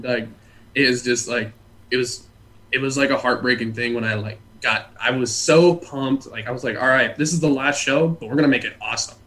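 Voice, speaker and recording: Young guy from california, bright voice, jokey rambling stories on a podcast. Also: medium pitch. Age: young adult. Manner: rambling, joking storyteller. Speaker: podcast guest, former haunt scare actor. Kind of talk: casual podcast interview.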